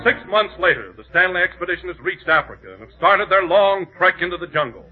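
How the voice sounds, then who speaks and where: A man's voice: high-pitched, fast talker, narrow, tinny audio, faint music behind. A man narrating as announcer in a 1930s radio comedy, grand and mock-serious. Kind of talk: scripted narration.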